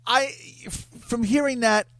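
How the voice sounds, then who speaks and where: A man co-hosting a comedy show, giving his opinion in casual talk, halting and restarting as he thinks. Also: extremely high pitch, fairly even intonation, a bit bright, no echo. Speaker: co-host. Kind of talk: casual banter.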